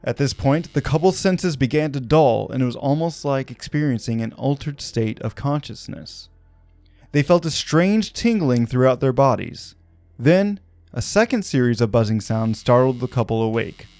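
A man's voice: mid-range voice, lively intonation, normal speed, darkish tone, no echo. Casual male podcast storyteller. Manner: casual, with fillers like "kinda, like". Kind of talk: conversational narration of a paranormal story.

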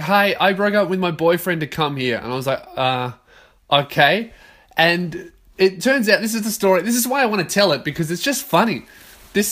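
Young male podcaster, somewhat high voice, profane, rambling, self-amused. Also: a bit bright. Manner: profane, rambling, laughs at own jokes. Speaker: podcast host. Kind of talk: casual solo podcast rant.

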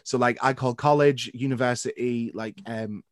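A man's voice: medium pitch, steady tone, normal speed, no room sound. A man hosts a podcast in a casual, playful way, full of fillers. His voice sits in the middle range and is recorded dry and close. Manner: chatty, playful, lots of fillers. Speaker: podcast host. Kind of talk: casual interview chat.

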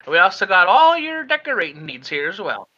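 Brief: a man playing a huffy, folksy old shop lady, high sing-song voice, lo-fi sound. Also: very animated, fairly quick, bright, forceful tone, exaggerated voice. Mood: helpful. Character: plump old human shopkeeper woman, folksy and huffy. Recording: dull lo-fi sound.

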